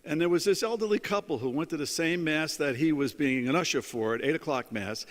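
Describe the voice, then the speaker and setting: A man's voice: on the high side, brisk, big-room sound. A middle-aged man giving a keynote, telling anecdotes with many ums and uhs. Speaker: keynote speaker. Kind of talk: after-dinner keynote with anecdotes. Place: conference hall.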